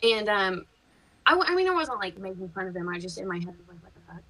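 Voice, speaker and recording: Bright-voiced woman telling stories. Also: mid-range voice, fast, rough recording. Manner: lively, swears freely, laughs through stories. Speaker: podcast guest. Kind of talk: casual chat, storytelling.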